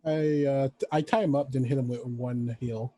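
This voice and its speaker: A man's voice: mid-range voice, fairly even intonation, normal speed, warm tone, no room sound. A man player at a tabletop game, casually declaring his character's actions.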